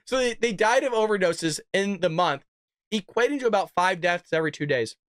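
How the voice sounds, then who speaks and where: A man's voice: high voice, expressive, brisk, dry recording. Man, show host, sarcastic, incredulous, talks to viewers, dry close sound. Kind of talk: reaction commentary on a news story.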